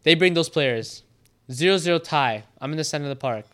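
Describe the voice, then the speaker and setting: A Canadian teenage soccer player telling animated stories in a casual podcast chat. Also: male voice, fairly high pitch, fairly quick. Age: teens. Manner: animated storyteller, quotes trash talk.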